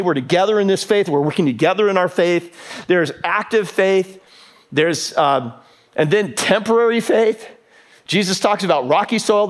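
A middle-aged male pastor preaching a sermon, telling stories with animated acted-out voices and dropping to a near hush at times. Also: sits high. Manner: animated storytelling, acting out voices, drops to a hush.

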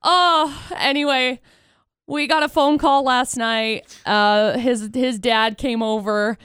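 Tearful high-voiced radio woman. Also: steady tone, slow, fairly bright tone, clean tone, no room sound, clean studio sound. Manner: emotional, tearful and gushing. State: near tears. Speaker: radio co-host. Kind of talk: morning radio chat.

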